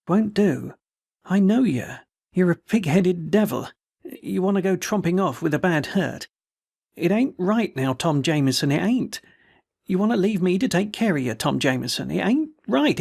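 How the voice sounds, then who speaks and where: A man's voice: on the high side, creaky, a little mellow, dry recording, clean studio sound. A man voicing a wounded, tattered male soldier who rambles in a folksy, slurred, way. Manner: folksy, pleading, words slurred.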